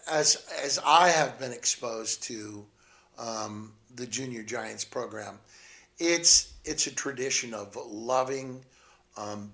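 A man from Southeast Missouri telling stories in a lively, laughing way as a guest on a chat show. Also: medium pitch. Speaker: motivational speaker and guest. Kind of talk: animated storytelling chat.

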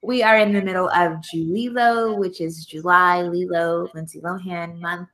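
A woman's voice: lowish voice, steady tone, normal speed, fairly bright tone. A woman hosting a pop culture podcast, upbeat and welcoming as she opens the episode. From Texas. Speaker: podcast host. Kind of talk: casual chat.

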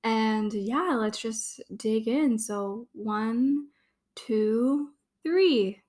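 A woman's voice: fairly high pitch, drawn-out words, a little mellow. Gushing young woman fan host. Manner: gushing, chatty, full of fillers. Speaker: podcast host giving watch-along commentary. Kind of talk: casual fan commentary.

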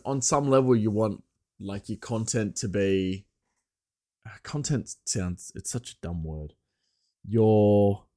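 A man's voice: on the low side, a little mellow. A man hosting his own podcast, talking casually in a rambling, self-deprecating way with many restarts. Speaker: podcast host. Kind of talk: casual solo podcast chat.

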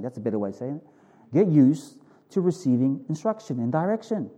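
Animated pastor, mellow voice. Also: male voice, a little fast. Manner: animated, vivid storytelling with sudden high exclamations; informal, self-correcting asides. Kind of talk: sermon.

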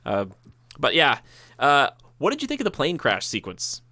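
A man's voice: mid-range voice, huge pitch swings, moderate pace, bright, forceful tone, no echo. A man hosting a casual movie review chat, rambling and acting out quotes from scenes. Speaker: podcast co-host.

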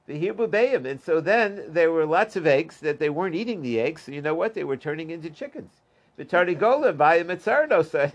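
A man teaching a Talmud class in a relaxed way, reading short lines aloud, explaining them in plain terms and chuckling at the stories. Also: a little high, brisk. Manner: retells stories line by line with loose asides and chuckles. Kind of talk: casual Talmud class storytelling.

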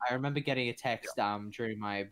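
A man in casual podcast chat with an ordinary mid-range voice. He speaks haltingly, hunting for his words and circling back before finishing a thought. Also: medium pitch, over a noisy crowd. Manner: hesitant, halting with fillers. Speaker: podcast co-host.

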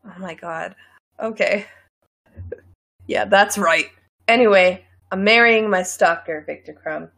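A young woman chats casually as a podcast co-host, laughing easily and hamming up her stories. Her voice sits at a middling pitch, and her delivery is playful and a bit dramatic. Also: takes it slowly, vocal fry, long pauses, a bit bright. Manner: giggly, playful, dramatic storytelling. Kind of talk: casual chat.

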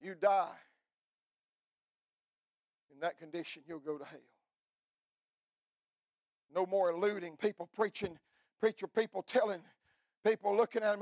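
A middle-aged man preaching an impassioned revival sermon, swinging from hushed pleading to shouting, with frequent "uh" fillers. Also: high voice, steady tone, a little slow, long pauses, no echo. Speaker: pastor.

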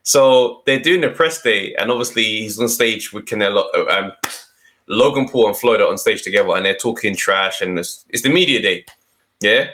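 A man's voice: lowish voice, moderate pace. Laughing man telling a story. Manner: animated storyteller, acts out quotes, laughs often. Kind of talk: casual chat.

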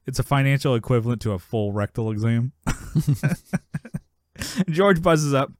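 Animated man retelling sitcom scenes. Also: medium pitch, moderate pace, no room sound, studio quality. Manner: animated retelling, acting out characters' lines in a raised voice. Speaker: podcast co-host. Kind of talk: casual chat recapping a sitcom episode.

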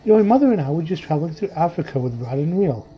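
A man reads out a tense middle-aged father who snaps his demands in clipped bursts. His voice sits a little high for a man, and the muffled recording carries soft music underneath. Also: expressive, fast, close to an everyday voice. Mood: strained. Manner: clipped, snapping orders. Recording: dull lo-fi audio with faint music.

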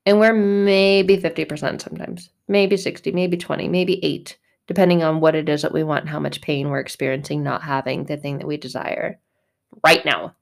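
A woman's voice: low voice, fairly even intonation, moderate pace, creaky. Emphatic woman musing on faith. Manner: repetitive, emphatic phrasing; blunt, casually swearing. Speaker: faith vlogger. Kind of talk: casual spiritual monologue.

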